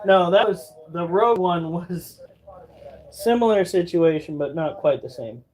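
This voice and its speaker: High-voiced dude rambling a story on his pet vlog, animated, swears a lot. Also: measured pace. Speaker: pet keeper and vlogger. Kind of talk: casual storytelling chat.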